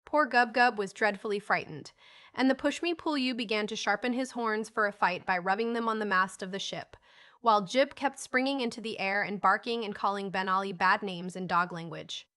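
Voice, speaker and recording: A woman's voice: mid-range voice, normal speed, fairly bright tone. A woman narrating a children's storybook audiobook, reading each character in a lightly lifted voice.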